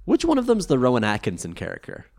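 A podcast co-host talks through an episode with a very lively, swooping voice. He swears freely and acts out lines with sudden loud jumps. The sound is dry and close. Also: medium pitch, fast, no room sound. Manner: animated, swearing, acts out quotes. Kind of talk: casual recap chat.

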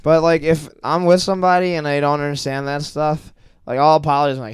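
A young man chatting on a podcast, talking in an animated, ranting way and swearing freely. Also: a little high, fast talker, clean tone, dry recording, clean studio sound. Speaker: podcast guest. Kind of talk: casual podcast chat.

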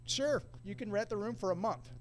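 A middle-aged man with a slightly high voice tells a long anecdote in laid-back surfer talk. He slips into other people's quoted lines as he goes. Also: brisk. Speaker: podcast guest. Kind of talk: casual storytelling.

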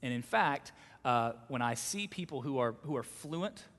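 A male pastor preaching a sermon, swinging between loud, emphatic exhortation and soft, close delivery. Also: medium pitch, expressive, moderate pace. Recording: long hall reverb.

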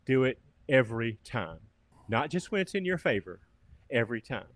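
A man's voice: mid-range voice, very animated, moderate pace, a bit bright. A man on a casual podcast, emphatically laying out business advice point by point. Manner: emphatic, lays out points step by step.

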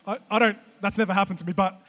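A man with an Australian accent giving a humorous, chatty sermon as a guest preacher, animated and self-deprecating with many restarts. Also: sits high, very fast. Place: church auditorium. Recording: long church hall reverb.

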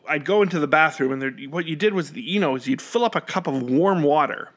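A man's voice: fairly high pitch, animated, fast, few pauses. A man telling a casual, rambling story into a close microphone, often correcting himself and laughing. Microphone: studio microphone up close.

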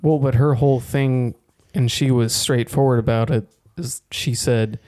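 A man co-hosting a podcast, recapping a film's plot in quick run-on stretches. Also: mid-range voice, steady tone, a little mellow. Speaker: podcast co-host. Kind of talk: casual film-discussion chat.

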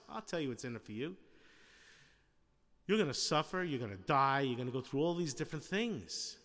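A man's voice: medium pitch, big pitch swings, brisk, sharp tone, in a large hall. A man preaching a sermon in a conversational way, asking the congregation questions and acting out little scenes. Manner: conversational, with rhetorical questions and acted-out quotes.

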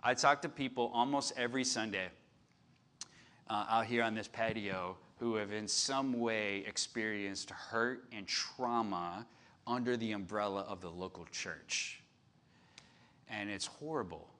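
A man preaching a sermon, reading scripture loudly and then dropping to a soft, confiding tone. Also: fairly low pitch, unhurried. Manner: animated, swings from loud reading to soft confiding. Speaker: pastor. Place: outdoor patio church service.

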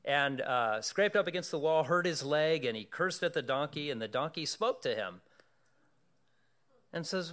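A male pastor preaching a sermon, telling a story in an animated way and asking the congregation questions. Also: on the high side, moderate pace.

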